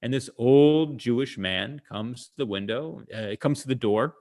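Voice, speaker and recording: A male comedian telling jokes and stories in a chatty way over a video call, often pausing to explain the punchline and using plenty of "uh" fillers. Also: medium pitch, a little mellow. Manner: acts out characters' lines in quoted voices. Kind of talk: comic storytelling talk.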